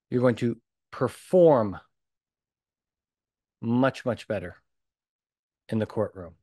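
A man with a medium-pitched voice hosts a solo podcast of his own, recorded with clean studio sound and no echo. His manner is emphatic and animated, blunt, with a lot of punchy repetition.

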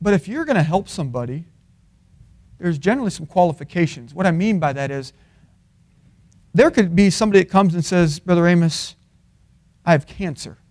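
A man preaching a sermon in a college chapel, swinging from loud, emphatic peaks to low, quiet asides. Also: very animated, a little fast, pauses often.

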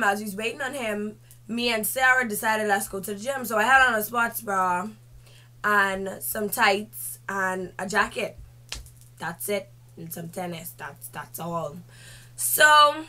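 Bright-voiced young woman telling a story. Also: mid-range voice. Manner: animated, lively retelling with slangy asides. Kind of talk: casual storytime.

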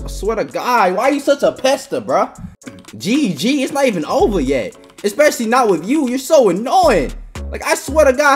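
Woman, gaming commentary, profane and excitable, wildly swinging pitch, low-set voice. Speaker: gaming channel host.

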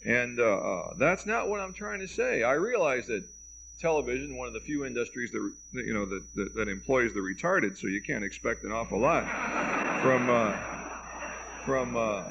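A man's voice: medium pitch, lively intonation, moderate pace, creaky, a bit bright. A middle-aged American man giving a public lecture at a college, telling anecdotes with wry, dry humor and acting out the dialogue, on a dull old reel-to-reel tape. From United States. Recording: dull lo-fi reel-to-reel tape with faint hiss and hum.

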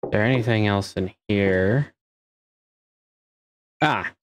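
Slow, deep-voiced man muttering through a game. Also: slight background noise. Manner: mutters while figuring things out, swears when frustrated. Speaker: gamer playing a space survival game. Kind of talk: casual let's-play commentary.

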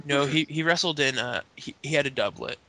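A man's voice: medium pitch, a little fast, sharp tone, no room sound. A Canadian man co-hosting a podcast, rambling through a wrestling recap and acting out wrestlers' lines in voices. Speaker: podcast co-host. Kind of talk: casual chat, recapping wrestling.

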